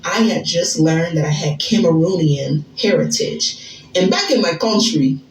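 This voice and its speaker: An American woman telling a casual story in an animated, slangy, chatty way. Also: fairly low pitch, unhurried, reverberant, low-quality recording. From United States. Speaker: storyteller in a social media clip.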